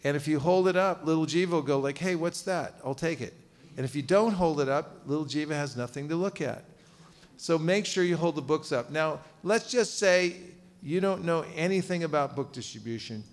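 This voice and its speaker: Playful, animated man leading a seminar. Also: on the high side, brisk. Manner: playful, animated, calls on the audience to repeat after him. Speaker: seminar teacher on book distribution. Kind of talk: lively seminar lecture to a live audience. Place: seminar room at a cultural center.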